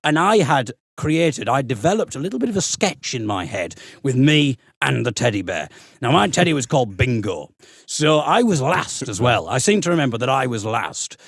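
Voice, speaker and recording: A man's voice: mid-range voice, normal speed, no echo, studio quality. A man, a comedian guest, telling a childhood story in casual podcast chat and slipping into silly voices. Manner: animated storyteller who slips into silly voices.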